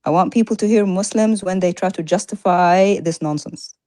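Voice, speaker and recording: A woman co-hosting a live-streamed talk show argues emphatically in casual chat, firing off rhetorical questions rapidly. Her voice is mid-range with a dark tone, and the recording is dry.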